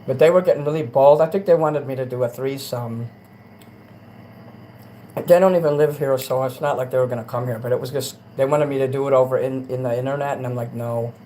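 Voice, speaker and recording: A man's voice: mid-range voice, a little fast, slight background noise, poor audio. Rambling, crude man on a livestream. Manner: rambling, crude, swings between mutters and loud rants. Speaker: livestream host. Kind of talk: casual late-night livestream chat.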